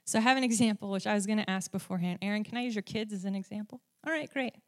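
In rapid-fire delivery, a female preacher puts questions to her audience, and her telling of stories turns animated as she rises in both pitch and loudness.

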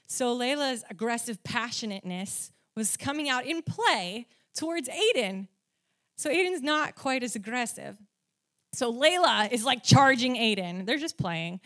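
A woman preaches at a measured pace, addressing questions to those listening. When she narrates stories, she livens up and her voice gets louder and higher.

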